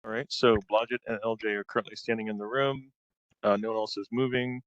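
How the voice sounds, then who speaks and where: A man narrating as game master of a tabletop game, unhurried and full of ums and uhs. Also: fairly low pitch, steady tone, fairly bright tone, no room sound, highs cut off.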